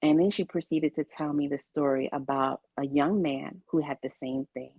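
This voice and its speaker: A woman's voice: sits low, fairly even intonation, normal speed, husky, no echo, phone-quality sound. A woman giving an interview, telling her personal story of illness and faith with earnest storytelling and quoted dialogue. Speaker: interview guest.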